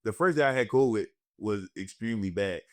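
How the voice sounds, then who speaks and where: A man's voice: fairly low pitch, expressive, a little fast. A young man, a comedian hosting a casual podcast, telling profane stories with bursts of put-on voices. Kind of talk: casual storytelling chat.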